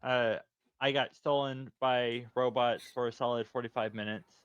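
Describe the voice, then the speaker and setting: A man's voice: medium pitch, fairly even intonation, moderate pace, clear, resonant tone, no echo, muffled recording. A man recapping the last session of a tabletop game in a hesitant, offhand way. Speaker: player.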